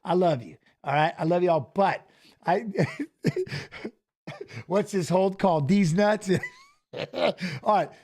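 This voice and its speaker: A man co-hosting a casual live-stream watch-along, excitable and joking, laughing often. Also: high voice, moderate pace.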